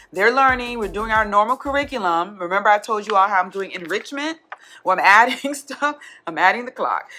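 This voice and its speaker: A woman kindergarten teacher, chatting excitedly to her vlog audience, restarting often. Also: medium pitch. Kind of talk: casual vlog chat.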